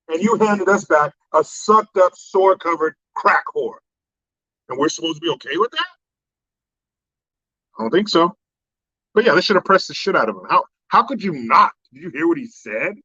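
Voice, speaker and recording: A man's voice: on the high side, bright, forceful tone, slightly rough, dry recording. Sarcastic ranting male commentator. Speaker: host. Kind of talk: profane political commentary monologue. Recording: dry, slightly dull lo-fi sound.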